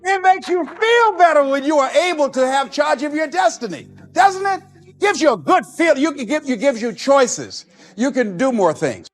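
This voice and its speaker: High-voiced older man giving a motivational speech. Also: sing-song, normal speed, faint music behind. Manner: emphatic and rhythmic, dropping to a quiet confessional tone. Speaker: motivational speaker.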